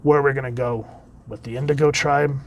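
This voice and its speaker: A man giving a casual comic book review, chatting along and letting phrase ends drop quietly. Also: medium pitch, steady tone, a little fast, gravelly, highs cut off, a little hiss or hum.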